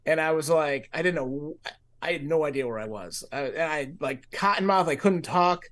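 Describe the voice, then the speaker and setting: A man with a higher-than-usual voice tells a long personal story on a casual podcast. He talks loosely, full of fillers and restarts, and acts out his own past thoughts in lively bursts. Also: normal speed. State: grieving. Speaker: podcast co-host.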